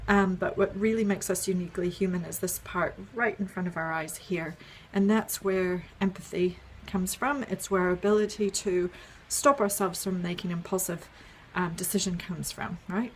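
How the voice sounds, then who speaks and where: Woman calmly explaining, faint hiss. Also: fairly low pitch, normal speed, hardly any pauses. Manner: friendly, explains step by step with many ums and "right?". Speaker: parenting educator. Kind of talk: casual explainer video.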